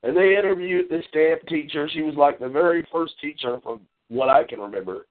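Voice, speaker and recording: A man hosting a solo call-in show, brash and boastful, swearing freely as he rambles. His voice sits a bit high for a man. The sound is thin and narrow, like a phone line. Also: brisk. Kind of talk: solo call-in radio monologue.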